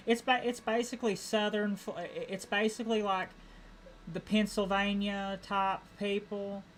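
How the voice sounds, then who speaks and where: A woman with an Appalachian accent talks casually on a livestream, in a mid-range voice. She rambles, repeating words and restarting as she goes, over a faint hiss of background noise. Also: medium pitch. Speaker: streamer. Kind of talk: casual livestream chat while gaming.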